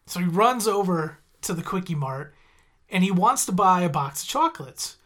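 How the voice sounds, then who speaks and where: A man's voice: sits high, lively intonation, moderate pace, fairly bright tone. A man hosting a podcast who chats casually through an episode recap, wandering off on tangents and correcting himself as he goes. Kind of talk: casual chat.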